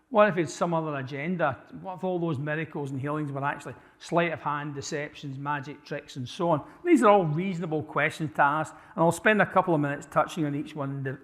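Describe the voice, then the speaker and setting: A man giving an apologetics talk to a church audience, conversational, putting questions to the listeners and restarting his sentences often. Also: fairly high pitch. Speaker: church speaker. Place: church hall. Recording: live church hall with long reverb.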